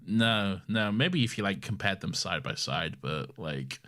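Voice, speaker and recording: A man's voice: low voice, expressive, measured pace, sharp tone. A young man co-hosting a fan podcast in casual chat, rambling with lots of ums as he hunts for his notes. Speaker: podcast co-host.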